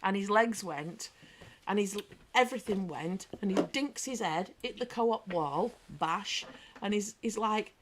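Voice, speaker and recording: A woman's voice: mid-range voice, a little slow, slight background noise. Chatty British woman hosting a livestream. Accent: British English. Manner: chatty, bantering, reads comments aloud; lively anecdotal storyteller. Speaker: livestream host. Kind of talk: casual live chat.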